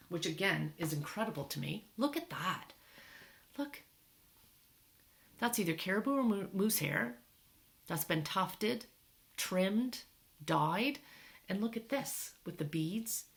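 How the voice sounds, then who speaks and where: A woman's voice: fairly low pitch, creaky. A woman teacher reading a picture book aloud to children, talking in an encouraging way and marveling at what she shows. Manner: warm, encouraging, marvels often. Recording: echoey room.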